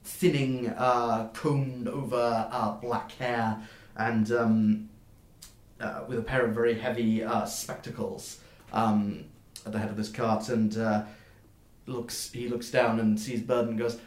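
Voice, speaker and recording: A man narrating a tabletop game as game master, in a halting way, with many fillers and restarts. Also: mid-range voice, flat delivery. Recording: roomy echo.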